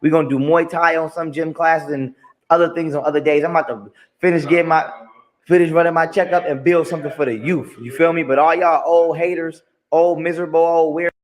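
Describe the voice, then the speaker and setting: A man's voice: fairly high pitch, fairly even intonation, brisk. A man in a played clip ranting emphatically about his own experiences, repeating himself and swearing often. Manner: emphatic, repetitive, profane. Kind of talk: ranting monologue.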